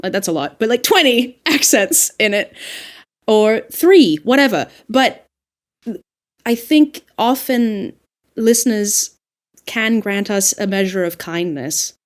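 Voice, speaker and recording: A woman with an Australian accent, an audiobook narrator talking through her craft in a casual, animated podcast discussion. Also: medium pitch, slow pace. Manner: animated, reflective, frequent laughs and fillers.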